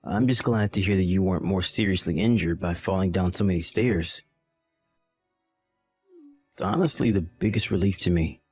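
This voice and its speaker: A man's voice: sits low, moderate pace, pauses often, a little mellow, slightly rough, soft background music. A man voicing a callous young husband in a text-message drama, irritated and condescending. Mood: dismissive.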